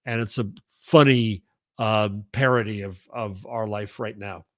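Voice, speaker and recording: A man who is a journalism professor, talking as a guest over a video call in a halting way, with many restarts. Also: fairly low pitch, fairly even intonation, no room sound, studio quality. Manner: halting, full of restarts and fillers. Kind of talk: casual conversation.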